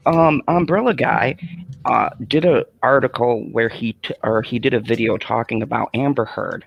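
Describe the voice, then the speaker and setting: A man's voice: mid-range voice, normal speed, creaky, lo-fi sound. A man hosting a casual late-night live stream, ranting and swearing freely. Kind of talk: casual profane livestream chat.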